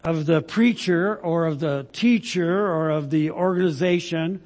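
A man preaching a sermon to his church, speaking haltingly with many fillers and frequent "right?" asides. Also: fairly high pitch, a little mellow, big-room sound. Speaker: pastor. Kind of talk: sermon with a told joke.

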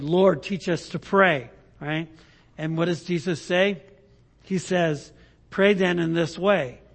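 Man preaching, often asking "right?". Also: on the high side. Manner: conversational, asks "right?" often, restarts. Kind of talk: sermon with scripture reading.

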